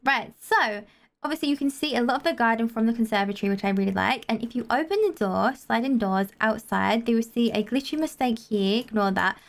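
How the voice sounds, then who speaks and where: A woman hosting a casual gameplay video, chatting and touring a build with excitable gasps and laughs. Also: on the high side, a little fast, vocal fry. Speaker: gaming video host. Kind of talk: casual gameplay tour chat.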